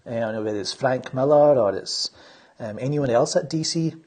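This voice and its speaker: A man's voice: medium pitch, brisk, darkish tone, slightly rough. A man hosting a casual podcast chat, rambling with lots of fillers and restarts. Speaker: channel host.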